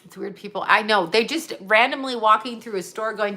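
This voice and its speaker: A woman's voice: medium pitch, a little fast, few pauses, pushed and bright. A woman who works as a psychic medium, chatting casually on a livestream, reading viewer comments aloud and answering them in a blunt, profane, rambling way.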